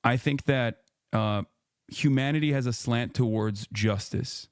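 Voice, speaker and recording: A man's voice: medium pitch, a little slow, smooth, no echo, clean studio sound. Argumentative man making political points. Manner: argumentative, lecturing. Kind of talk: political commentary in a played clip.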